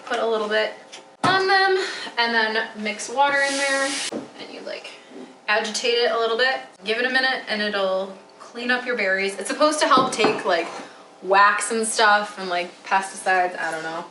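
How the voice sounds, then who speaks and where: Woman, 20s, from Metro Detroit; relaxed rambling kitchen vlog, filler-heavy, roomy echo. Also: a little high, moderate pace, noisy background. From Metro Detroit, USA. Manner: chatty, rambling with many "like" fillers. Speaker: vlogger. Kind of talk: casual chat while baking. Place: home kitchen.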